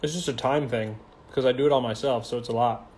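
A man's voice: medium pitch, quick pace, darkish tone. A young man casually chatting on a phone livestream, reading comments aloud in a playful, campy, slangy way. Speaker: stage actor hosting a livestream.

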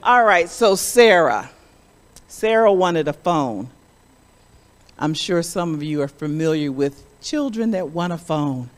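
Animated woman telling a children's story. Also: on the low side, takes it slowly. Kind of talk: children's story in a church service. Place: church.

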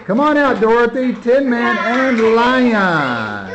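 A man's voice: very high voice, very animated, takes it slowly. A man directing and narrating a children's home play, coaching the kids through a rehearsal with patient, encouraging praise while he films. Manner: coaxing, encouraging, repeating praise. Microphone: handheld camera mic. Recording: slightly dull lo-fi camera audio with faint noise.

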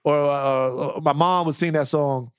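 A man co-hosting a podcast in casual chat, animated and joking, with a rambling delivery. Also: on the high side, measured pace, clear, resonant tone, dry recording, studio quality. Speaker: podcast co-host.

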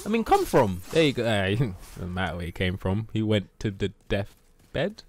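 A man streaming a video game live, chatting casually, swearing, shouting at the game and teasing his cat. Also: lowish voice, very animated, normal speed.

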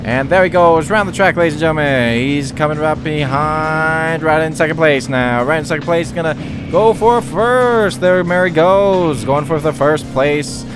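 A man putting on an excitable male race commentator's voice, calling the action in brisk play-by-play that keeps surging in speed. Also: a little high, over music, pitched below the performer's own voice, lightly acted. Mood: hyped.

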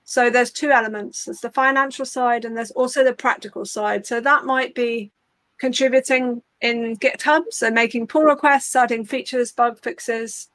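A woman on a panel walking through practical steps in a clear, conversational way. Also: fairly high pitch, fairly even intonation, moderate pace, a bit bright, no room sound. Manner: clear, practical, step-by-step explaining. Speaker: open source community leader.

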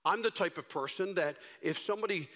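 A male pastor preaching a sermon in a dramatic, expressive way. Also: sits high, brisk. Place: church sanctuary. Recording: echoey church hall.

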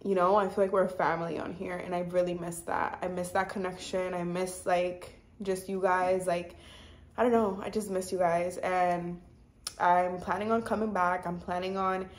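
A woman's voice: fairly low pitch, flat delivery. A woman in her twenties chatting casually to her viewers, saying "like" constantly and drifting from topic to topic. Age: 20s. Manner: chatty, says "like" a lot, sidetracks; warm and confiding, fast talking. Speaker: vlogger. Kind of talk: casual chat to camera.

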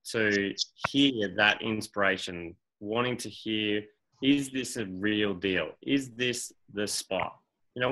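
A man's voice: lowish voice, sharp tone, rough recording. A man hosting a team video call in an upbeat, playful way. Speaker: host.

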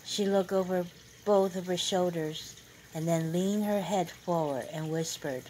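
A woman reads a novel chapter aloud in a steady, measured way. Her voice sits somewhat low, with faint noise in the background. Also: low-quality recording. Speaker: narrator.

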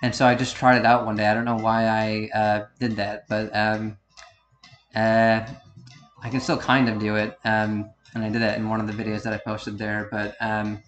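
A man's voice: on the low side, completely flat delivery, fairly bright tone, roomy sound, soft background music. A man in his thirties from upstate New York giving a rambling, self-correcting DVD-style commentary. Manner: meandering, self-correcting, unhurried. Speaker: video commentator.

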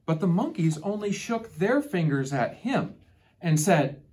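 Slow, expressive woman storyteller. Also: on the low side. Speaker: children's storyteller. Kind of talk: reading a picture book aloud to children.

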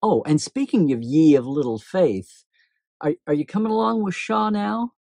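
Husky, playful man hosting a commentary vlog. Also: fairly high pitch, normal speed, no room sound. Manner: animated, playful and teasing, chuckles between points. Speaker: host.

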